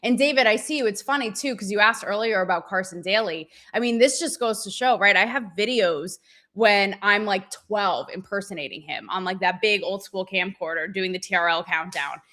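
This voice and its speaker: A woman hosting her show, talking candidly in a profane, animated, rambling and self-mocking way. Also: medium pitch, normal speed. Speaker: show host. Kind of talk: candid livestream monologue.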